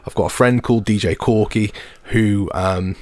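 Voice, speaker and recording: Podcast host, male, Telford accent, low voice, dry close studio sound, chatty and loose. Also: fairly even intonation, moderate pace, darkish tone, dry recording. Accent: Telford English. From Telford, England. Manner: chatty, rambling, many fillers. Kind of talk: casual podcast chat.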